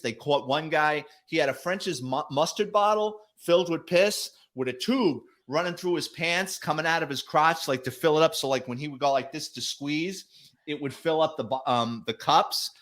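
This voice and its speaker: Animated, foul-mouthed middle-aged man. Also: on the high side, moderate pace. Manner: animated, profane, acts out quoted voices. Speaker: guest, retired police detective. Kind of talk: casual storytelling.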